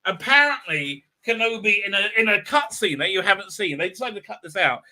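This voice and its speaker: A man with a high voice hosts a livestream and recaps a show in a loose, rambling rant. His tone is very bright and sharp. He mocks what he describes, stumbles through fillers and spits out blaster noises as he goes. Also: lively intonation, a little fast. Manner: rambling, mocking, many filler sounds; spits out sound effects while recapping. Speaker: livestream host. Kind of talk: casual ranting show recap.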